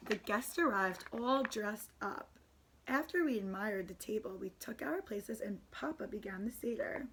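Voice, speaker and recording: A woman's voice: medium pitch, slight background noise. Woman reading a storybook to young children. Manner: slow, expressive storytelling. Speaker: teacher reading to a kindergarten class. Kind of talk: reading a picture book aloud with asides to children.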